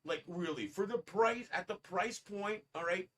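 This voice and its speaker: A man's voice: high voice, measured pace, a bit bright, far from the mic. A man hosting a casual livestream, rambling and talking straight to his chat as "guys". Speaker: livestream host. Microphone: streaming setup.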